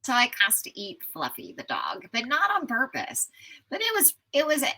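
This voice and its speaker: A woman's voice: a little high, moderate pace, poor audio. An enthusiastic American woman in her fifties, a travel writer telling stories as an interview guest. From United States. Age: 50s. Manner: enthusiastic, animated storyteller. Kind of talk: casual storytelling interview.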